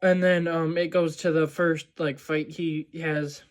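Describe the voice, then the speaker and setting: A man's voice: on the high side, little pitch movement, measured pace. A man casually recapping a movie plot as a reviewer, rambling with lots of "um" and "like". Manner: rambling, many fillers like "um" and "like".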